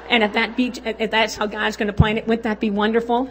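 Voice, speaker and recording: A woman's voice: a little high, flat delivery, a little fast, a bit bright, slight background noise. An older woman giving a folksy, exuberant testimony talk at a church women's event, urging and cheering her listeners on. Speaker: women's conference speaker.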